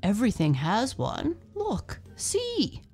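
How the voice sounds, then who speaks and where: A woman's voice: on the high side, wildly swooping pitch, takes it slowly, faint music behind, pitched above the performer's own voice, heavily acted. A kind, coaxing young monster, read by a woman. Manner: warm, coaxing invitations. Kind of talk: storybook reading.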